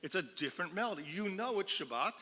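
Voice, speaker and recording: Man teaching a class, cantor, bright higher voice, long hall reverb, keeps checking in with listeners. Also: animated, fast talker. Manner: explanatory, checks in often with "okay?". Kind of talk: classroom lecture.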